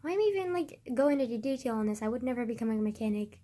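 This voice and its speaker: A woman's voice: fairly high pitch, expressive, fast talker, dark tone. A young woman vlogging in a casual, rambling way, swearing often and sometimes dropping into a whisper.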